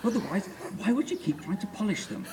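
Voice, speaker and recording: Pompous man with a lively voice. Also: high-pitched, quick pace, background noise. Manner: pompous, mock-grand, bawdy. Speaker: storyteller. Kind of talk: comic story reading on stage. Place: festival stage.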